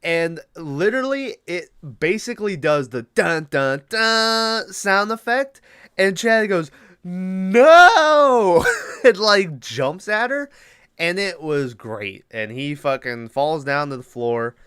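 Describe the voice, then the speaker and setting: Smooth-voiced man rambling through a recap. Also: on the high side, animated, unhurried, fairly bright tone, no echo. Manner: rambling and profane, with many fillers. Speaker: podcast host. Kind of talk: casual movie recap.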